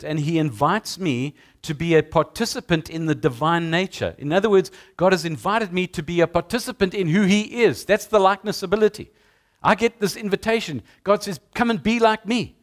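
A man's voice: high-pitched, moderate pace. A male pastor preaching a sermon in a conversational way to his congregation in a church. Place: church sanctuary.

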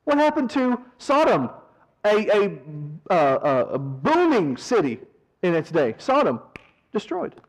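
A man leading a verse-by-verse Bible study, animated, swinging from loud emphasis to quiet asides and mocking mourners in a whiny voice. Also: sits high, a little slow, rough recording. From American South. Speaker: Bible teacher.

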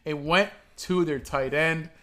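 A man co-hosting a casual sports podcast. He teases his partner and walks through the numbers, his voice a little high and bright, with a forceful edge. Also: a little slow. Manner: teasing, analytical banter. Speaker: podcast co-host.

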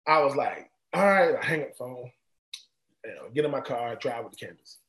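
A man's voice: mid-range voice, animated, a little fast, fairly bright tone, roomy sound. A man, a former college football player, telling stories casually and animatedly, often repeating and restarting phrases. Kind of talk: casual storytelling.

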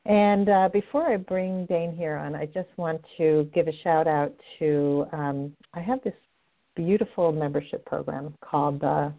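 Over tinny phone-line audio, a middle-aged love coach hosts her radio show in a low, fairly even, unhurried voice. Her monologue is upbeat and direct.

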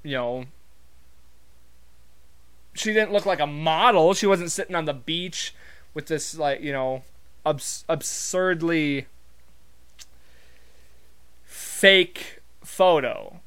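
A man's voice: fairly high pitch, takes it slowly, pauses often, fairly bright tone, smooth. A man from Montana telling a rambling, profane story in a casual, wry monologue full of fillers.

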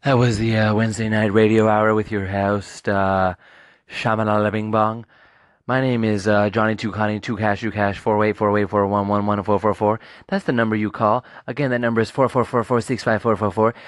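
A man's voice: fairly low pitch, little pitch movement, a little fast, no room sound, studio quality, lightly acted. A man doing a bumbling late-night radio host. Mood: goofy. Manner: rambling, garbles numbers and names. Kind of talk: comic radio-host parody.

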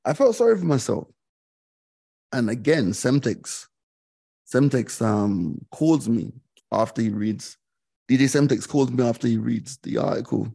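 A man's voice: mid-range voice, animated, unhurried, vocal fry, mellow. A middle-aged man, a guest on a podcast, telling a personal story candidly and reflectively, repeating phrases and using many fillers. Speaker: guest, DJ and radio host.

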